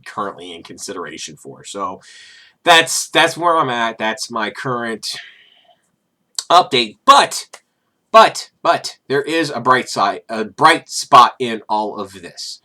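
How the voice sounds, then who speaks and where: A man's voice: lowish voice, pushed and bright. A man vlogging in a casual, sarcastic and profane rant.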